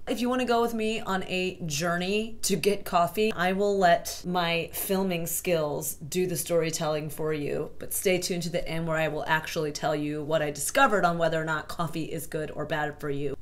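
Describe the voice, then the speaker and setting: A woman vlogger from the American Midwest, chatting casually and poking fun at herself. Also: lowish voice. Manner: chatty, self-mocking. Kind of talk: casual vlog chat. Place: at home, then out in the snow.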